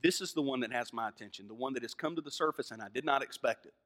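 A man with a Southern American accent preaching a sermon, moving from hushed lines to loud, fervent emphasis. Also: medium pitch, very fast. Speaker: pastor.

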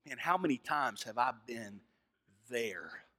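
A man with a Southern American accent preaching a sermon, moving from hushed lines to loud, fervent emphasis. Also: mid-range voice, lively intonation, slow pace. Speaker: pastor.

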